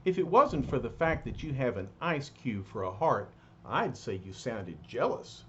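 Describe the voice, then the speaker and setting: A woman's voice: rumbling low, very animated, a little slow, highs cut off, a little hiss or hum, heavily acted. A man voicing a sassy, teasing young woman hero in a comic-book story reading. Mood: scolding. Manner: teasing, playful.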